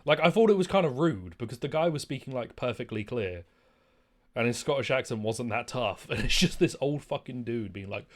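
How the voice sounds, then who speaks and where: Speaking at a normal speed in a mid-range voice, this man chats loosely while streaming a game. His commentary is animated and wandering, with plenty of swearing.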